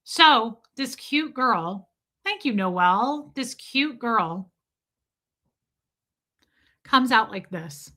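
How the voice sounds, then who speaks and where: A woman's voice: fairly high pitch, lively intonation, very slow, long pauses, sharp tone. A young woman hosting a casual livestream, telling a rambling, joking story and swearing freely. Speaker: livestream host. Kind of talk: casual streaming chat.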